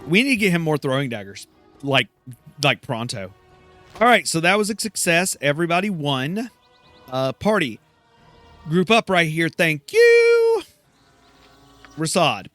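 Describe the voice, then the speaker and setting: A man talks through his video game run in a rambling, chatty, self-deprecating way. His voice sits slightly high and moves with lively pitch. The sound is dry and close, with faint music underneath. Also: moderate pace, long pauses, no room sound. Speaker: gameplay host. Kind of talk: let's play commentary.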